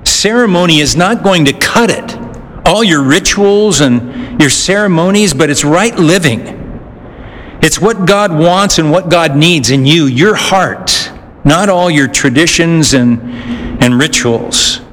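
Male pastor, slightly high voice, slow and earnest, halting fillers; large echoey hall. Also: a bit bright. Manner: earnest, with frequent "uh" pauses and restarts. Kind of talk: sermon. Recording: echoey hall, faint noise.

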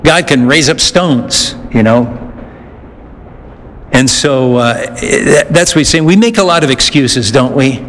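A man preaching a sermon as pastor, earnest, pausing often with fillers and restarts. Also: medium pitch, fairly bright tone. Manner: earnest, with frequent "uh" pauses and restarts. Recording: echoey hall, faint noise.

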